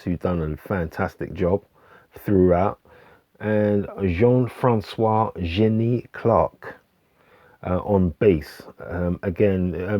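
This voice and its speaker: A man casually reviewing albums he recommends, hesitant with many fillers and restarts, relaxed and enthusiastic. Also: low voice, no room sound. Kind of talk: casual music review vlog. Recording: dull lo-fi dry recording.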